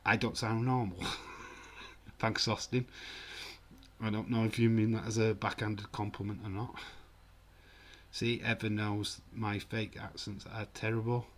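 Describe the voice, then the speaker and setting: A man with a fairly low voice hosts a live football watch-along. He chats casually and reads comments out loud. His tone is jokey and full of teasing. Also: level tone, measured pace, pauses often. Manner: chatty, jokey, mock-offended. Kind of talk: casual live-stream chat, reading comments.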